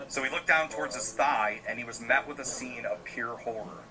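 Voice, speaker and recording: Male podcast host, casual storyteller, rambling with fillers, mid pitch, crowd noise behind. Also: a little fast, hardly any pauses, low-quality recording. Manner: loose, rambling, frequent fillers.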